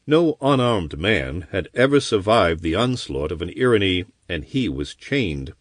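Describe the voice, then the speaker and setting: A man's voice: deep voice, very animated, a little slow, dry recording, studio quality. A man narrating an audiobook expressively in a storytelling manner. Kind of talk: scripted narration.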